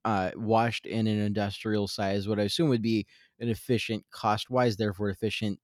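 A man's voice: fairly low pitch, level tone, moderate pace, no echo, studio quality. A man co-hosting a podcast, talking in a wordy, joking way and stammering on his restarts. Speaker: podcast co-host. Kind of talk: casual chat.

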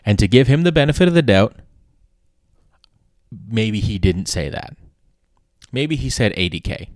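A man's voice: lowish voice, very animated, a little slow, darkish tone, no room sound, studio quality. A man hosting a podcast, telling a story in a casual, rambling way, correcting himself often and swearing for emphasis. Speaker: podcast host.

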